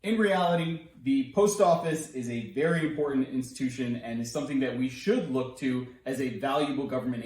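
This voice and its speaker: A congressional candidate with a medium-pitched, darkish voice delivers a scripted policy explainer. His tone is playful, wry and emphatic, and the room sounds echoey.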